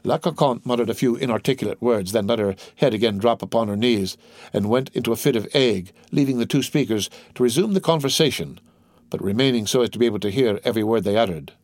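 Male audiobook narrator, steady even reading, middle pitch, dry close sound. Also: fast talker, no room sound.

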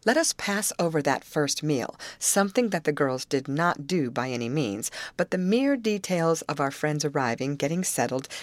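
Woman audiobook narrator, low voice, lively melody, expressive storytelling, dry close recording. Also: dry recording. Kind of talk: audiobook narration of a 1913 girls' novel.

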